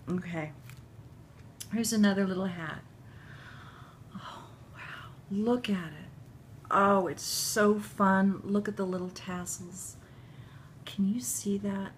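A middle-aged woman unboxing handmade baby clothes for her video channel, gushing and tearful, often dropping to a breathy whisper. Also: lowish voice, a little hiss or hum. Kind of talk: emotional unboxing chat to camera.

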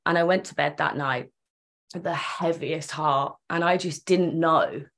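A woman's voice: sits low, fairly even intonation, unhurried, fairly bright tone. A young woman tells her own story earnestly and emotionally, acting out the remembered dialogue. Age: young adult. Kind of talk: personal storytelling.

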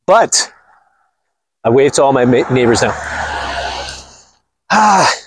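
A man's voice: medium pitch, animated, takes it slowly, husky. A man hosting his own channel in a casual, rambling monologue, blunt and cursing casually. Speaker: channel host.

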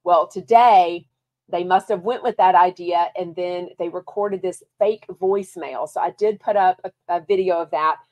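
A woman's voice: on the low side, normal speed, dull audio. Chatty Texan woman podcast host. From Texas. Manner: chatty, lively, reads viewer comments aloud. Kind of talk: casual chat.

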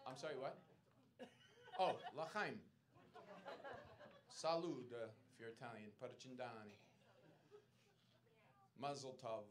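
A man's voice: mid-range voice, slow, long pauses. A man doing stand-up crowd work in a comedy club, brash and profane as he teases the audience. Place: comedy club stage, indoors. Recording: noisy live club with roaring crowd laughter.

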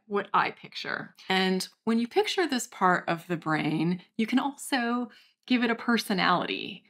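A young woman hosting a channel, calmly and gently guiding listeners through a step-by-step brain training exercise. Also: lowish voice. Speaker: channel host, recovery coach. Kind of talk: guided exercise instruction.

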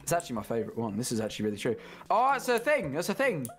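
A man's voice: mid-range voice, wildly swooping pitch, rapid-fire, fairly bright tone. A young man playing a game with a friend, telling jokey stories. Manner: playful, telling stories in an exaggerated local accent. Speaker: co-player. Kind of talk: casual gaming chat. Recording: stream with game music underneath.

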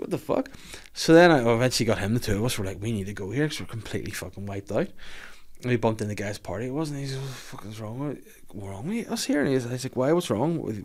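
A young man telling a swearing, laughing anecdote in casual podcast chat. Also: medium pitch. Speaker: podcast guest.

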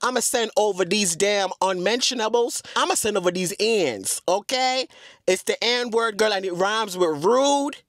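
Sassy dramatic storyteller in a car. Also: male voice, high-pitched, animated, unhurried, a bit bright, faint music behind. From Atlanta area. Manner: sassy, dramatic, keeps calling the audience girl; breaks into song and shrieks. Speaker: storytime vlogger. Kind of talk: casual storytime chat. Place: inside a car.

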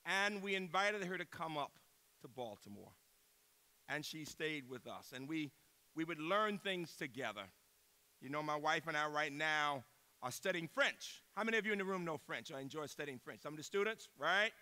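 Older man, keynote speaker, high voice, swings from loud to hushed, storytelling. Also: animated, normal speed. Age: 60s. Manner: emphatic storyteller, swings between loud bursts and hushed tones. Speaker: university president giving a keynote. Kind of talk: inspirational keynote speech.

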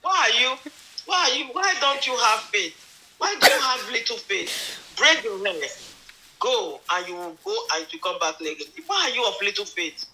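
A mother lectures her daughter about faith in a preachy, teasing way. Her voice is high and strikingly bright and forceful. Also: lively intonation, normal speed, low-quality recording.

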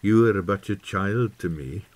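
A man's voice: on the low side, unhurried, a little mellow. A man voicing an old shepherd who speaks earnestly in a folksy dialect, in an audiobook. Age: older. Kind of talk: audiobook character voice.

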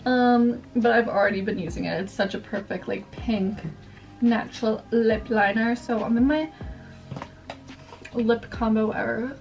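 A woman's voice: on the high side, far from the mic. A young woman vlogger chatting casually and rambling through a haul, using "like" a lot. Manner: chatty, rambling, heavy use of "like". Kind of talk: casual haul vlog chat. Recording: voice a bit off-mic, faint music behind. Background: faint background music.

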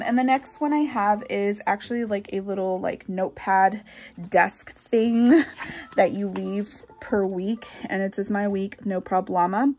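A woman's voice: medium pitch, a little mellow. A young woman vlogging casually from her bedroom, chatty and bubbly, with lots of "um"s and "like"s. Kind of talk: casual show-and-tell vlog.

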